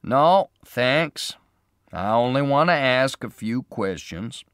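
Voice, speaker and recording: A man voicing a hard private detective who speaks in a flat, unfriendly and deliberate way. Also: mid-range voice, clean tone, no echo, studio quality, voice pushed up. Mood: businesslike.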